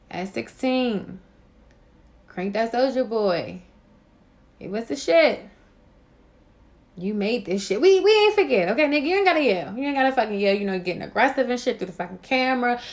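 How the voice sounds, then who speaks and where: Animated, profane woman podcast host. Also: fairly high pitch. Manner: profane, animated ranting with repeated catchphrases. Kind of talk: casual commentary monologue.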